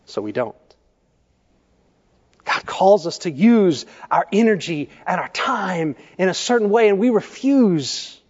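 A male pastor preaching a sermon, telling stories in a measured way and putting questions to the congregation. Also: high-pitched, sing-song, slightly rough. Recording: echoey church hall, dull lo-fi sound.

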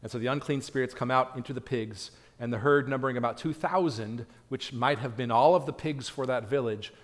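Male pastor preaching in a reverberant church. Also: brisk. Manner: animated preaching, acts out quoted pleas with raised pitch and volume. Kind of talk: sermon. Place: church sanctuary.

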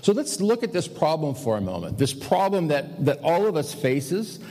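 A man's voice: fairly high pitch, big pitch swings, normal speed, warm tone, big-room sound. A male pastor preaching a practical sermon in a conversational way, asking the congregation rhetorical questions. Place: church sanctuary.

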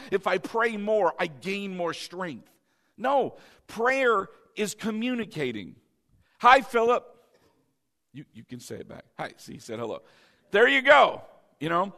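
A man's voice: high-pitched, vocal fry, bright, forceful tone. A man preaching a sermon to a congregation, stressing and repeating key phrases. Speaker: pastor.

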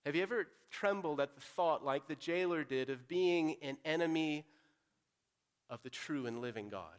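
Man preaching with a higher voice. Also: animated, normal speed, clean tone. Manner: earnest, direct, swings between loud urging and quiet appeal. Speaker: pastor. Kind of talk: sermon.

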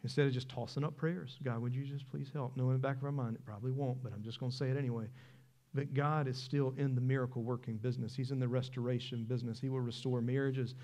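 A man, preaching a sermon in a church, animated and conversational, asking the congregation questions. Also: mid-range voice, fast talker. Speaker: pastor. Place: church sanctuary.

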